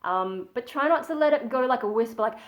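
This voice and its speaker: A woman with a fairly high speaking voice talks through a home vocal lesson in a loose, chatty way. She is modest about her skill and keeps breaking off to show the sighs and growls she is explaining. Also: expressive, a little fast. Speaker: metal vocal tutorial presenter. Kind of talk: casual spoken tutorial.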